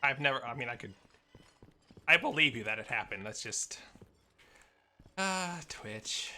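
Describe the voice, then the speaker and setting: A man's voice: mid-range voice, expressive, a little slow, bright, forceful tone. An American man live-streaming a game, chatting with viewers in a rambling, easygoing way and muttering asides as he plays. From United States. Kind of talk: casual live game stream, answering chat.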